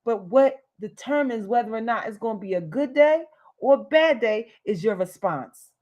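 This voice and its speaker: A woman's voice: on the high side, animated, moderate pace, a little mellow, lo-fi sound. A woman hosting a livestreamed motivational talk, speaking emphatically, repeating key phrases, with casual slang. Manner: emphatic and repetitive, uses slang. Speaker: host.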